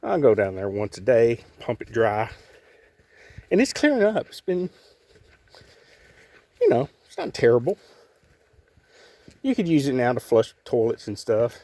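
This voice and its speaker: A man's voice: mid-range voice, very animated, a little slow, long pauses, warm tone. Folksy rambling man showing his backyard. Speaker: homeowner showing his projects. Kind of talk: casual rambling vlog narration.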